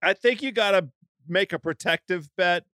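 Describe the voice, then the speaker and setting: A man hosts a casual podcast, rambling and cracking jokes between restarts. His voice is smooth and clear and sits a bit high. The sound is dry and close. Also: normal speed, pushed and bright, no room sound. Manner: rambling, joking, many restarts. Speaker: podcast host.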